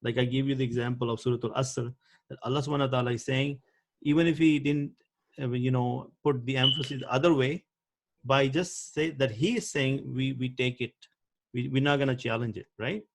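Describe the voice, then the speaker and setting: A man's voice: medium pitch, fairly even intonation, brisk. Patient man teaching Arabic grammar online. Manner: patient, quizzes students by name. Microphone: video call.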